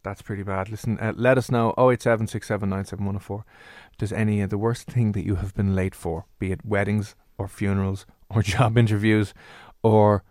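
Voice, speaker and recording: Irish male radio co-host, quick, chatty storyteller, dry close mic. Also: no room sound. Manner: animated storyteller, jumps high to act out quotes. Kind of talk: casual chat.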